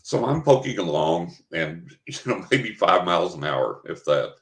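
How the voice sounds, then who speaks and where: Brief: older man from West Texas, very low voice, dramatic interview storyteller, echoey room. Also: big pitch swings, normal speed. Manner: vivid, dramatic storyteller who acts out his own thoughts. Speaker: guest. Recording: roomy, echoey recording.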